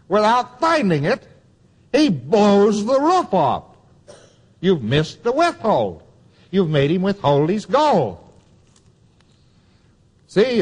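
A man's voice: sits high, long reverb tail. A man giving a taped lecture to students, emphatic and wry, repeating key phrases for weight.

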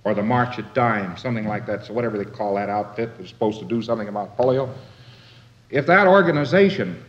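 A man's voice: on the low side, lively intonation, fast talker. A man giving a lecture, telling wry anecdotes in a conversational way. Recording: dull lo-fi old lecture tape.

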